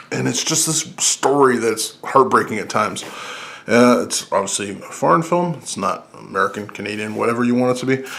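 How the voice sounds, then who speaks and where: An enthusiastic man chatting casually as a podcast host. He rambles, restarts his sentences and gushes about the films he loves, at an ordinary middle pitch. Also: creaky. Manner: excited, rambling, frequent restarts and fillers. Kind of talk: casual movie-list talk.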